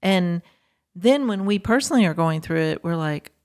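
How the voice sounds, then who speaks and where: A woman's voice: fairly low pitch, lively intonation, normal speed, darkish tone. A woman co-hosting a podcast, reflecting in casual talk and quoting what people tend to say. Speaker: podcast co-host.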